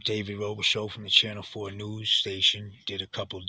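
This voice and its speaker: A middle-aged man telling a confessional personal story, halting and full of restarts, sometimes sinking to a hushed near-whisper. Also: fairly low pitch, completely flat delivery, husky, no room sound, low-quality recording. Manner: sinks to a hushed near-whisper at heavy moments. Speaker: storyteller recounting his own experience.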